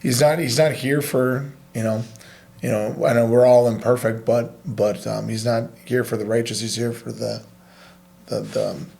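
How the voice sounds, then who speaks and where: A man hosting a casual interview show, easygoing and affirming, talking in halting restarts. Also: mid-range voice, flat delivery, creaky, a little mellow. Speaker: podcast host.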